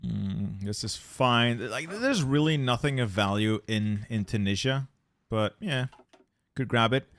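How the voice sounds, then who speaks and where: A young adult man with a mid-pitched voice, live-streaming a strategy game. He talks casually to himself as he plans, stalling and repeating words before he commits to a move. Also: unhurried. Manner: thinking aloud, relaxed, repeats words while planning.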